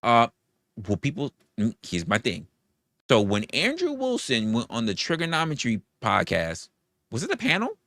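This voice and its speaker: A man hosting a live stream, ranting and arguing with chat, swearing often, firing off rhetorical questions and shouting out donors. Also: medium pitch, wildly swooping pitch, moderate pace, no echo, clean studio sound. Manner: profane, argumentative, fires rhetorical questions; reads out and thanks viewer donations. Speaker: livestream host. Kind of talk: live-stream commentary and rant.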